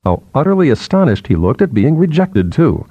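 A man narrating a novel in a measured, expressive way. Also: mid-range voice, no echo, muffled recording. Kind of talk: scripted audiobook narration.

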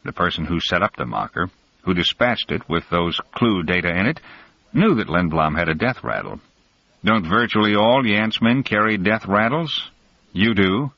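Cool calculating schemer guy, measured and sharp, lively ups and downs, dull dry lo-fi sound, a man reading him. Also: deep voice, no room sound. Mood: coolly explaining.

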